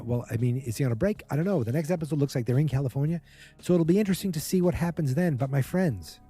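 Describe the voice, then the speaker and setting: A man's voice: mid-range voice, warm tone, breathy edge. A man hosting a podcast, casually recapping a TV episode in a chatty, wry way and mimicking the characters' lines. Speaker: podcast host.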